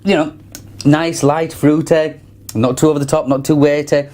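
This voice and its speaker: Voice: mid-range voice, flat delivery, normal speed, a little mellow. A speaker co-hosting a casual wine tasting chat, musing and hesitant with frequent restarts. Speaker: wine show co-host.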